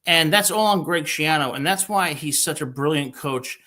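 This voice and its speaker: Boisterous bright-voiced man host. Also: on the high side, normal speed. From New Jersey. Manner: boisterous, jokey, animated storytelling. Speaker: podcast host. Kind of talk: casual sports talk.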